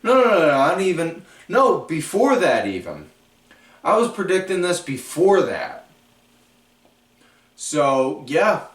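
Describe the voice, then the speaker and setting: A man with a slightly high, sing-song voice hosts a wrestling podcast, recapping shows in a slow, drawn-out, rambling way packed with fillers. He sits far from the mic in an echoey room.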